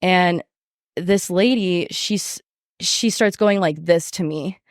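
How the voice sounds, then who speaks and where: A young woman casually telling a story from her restaurant job, animated and profane, with lots of fillers. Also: on the low side, slow pace, no room sound, studio quality. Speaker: podcast guest.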